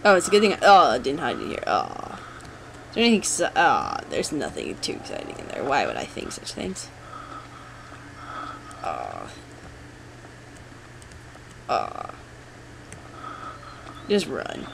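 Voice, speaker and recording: Jumpy, animated horror-game commentator. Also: medium pitch, unhurried, vocal fry, long pauses, background noise. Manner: jumpy, groans and gasps, nervously coaxes the character. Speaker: let's play host.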